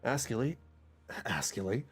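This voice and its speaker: Animated male game streamer. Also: medium pitch, breathy edge, soft background music. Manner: animated, quick reactions while reading game lines aloud. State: sick. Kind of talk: livestream gameplay commentary and dialogue reading.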